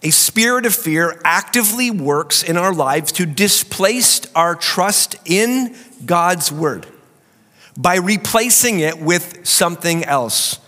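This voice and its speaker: A man's voice: high voice, pushed and bright. Man preaching with a cold, reverberant hall. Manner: emphatic preaching with joking asides. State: has a cold, voice cracking. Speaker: pastor. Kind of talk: sermon. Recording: long reverb of a large hall.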